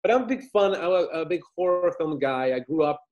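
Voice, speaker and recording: A man being interviewed about his filmmaking, talking in a rambling, animated way and acting out what people said. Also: fairly high pitch, fast talker, lo-fi sound. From Italian family, lives in United States. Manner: rambling, animated, acts out quotes. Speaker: filmmaker guest. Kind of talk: casual interview storytelling.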